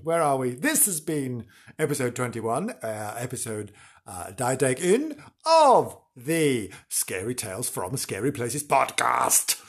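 A man hosts a comic podcast, gushing and giggling as he chats. His husky voice leaps around with lively pitch, climbing high whenever he gets excited. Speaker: podcast host. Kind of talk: casual comic podcast chat.

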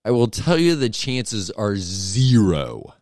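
A man's voice: lowish voice, very animated, slow, a little mellow, no echo, studio quality. A middle-aged man hosting a podcast, telling a rambling comedic story that keeps interrupting itself. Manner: meandering, self-interrupting storytelling. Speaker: podcast host.

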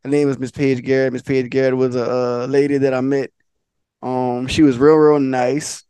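A man's voice: mid-range voice, little pitch movement, moderate pace, mellow, smooth, dry recording. A man, co-hosting a podcast and telling a loose, slangy story with laughs. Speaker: podcast co-host. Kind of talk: casual storytelling chat.

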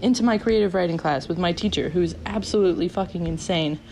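A woman in her twenties casually telling a story on a podcast, animated, laughing often and acting out what people said. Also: fairly low pitch, fast talker, creaky, a little hiss or hum, rough recording. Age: 20s.

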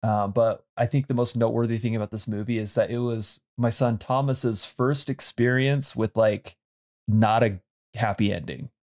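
A man's voice: medium pitch, fairly even intonation, normal speed, a little mellow. Hesitant man in his thirties chatting about films. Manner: thoughtful, hesitant with many ums and restarts. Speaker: podcast co-host. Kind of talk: casual movie podcast chat.

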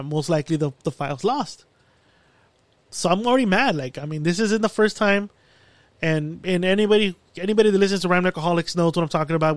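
A man's voice: on the high side, dry recording. A man hosting a podcast, telling a long story in a casual way, swearing often and acting out what he and others said. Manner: animated, swears often, retells his own quotes. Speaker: podcast host. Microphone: studio mic.

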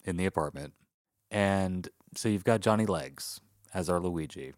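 Deep-voiced man, wry movie recap. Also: a little slow, darkish tone, no room sound, studio quality. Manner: wry, recaps the plot with sarcastic asides. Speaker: podcast co-host. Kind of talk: casual comedic movie review chat.

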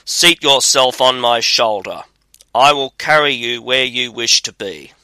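A man's voice: mid-range voice, a little slow, pushed and bright, clean tone, no room sound. A man reading the lines of a huge, boastful male giant who turns wary.

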